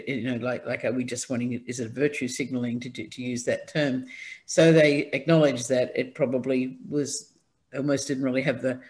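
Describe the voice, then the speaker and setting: A man on a video call speaking in a rambling, thinking-aloud way with many fillers, his voice deep with the morning. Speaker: conference panel participant. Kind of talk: casual discussion on a video call.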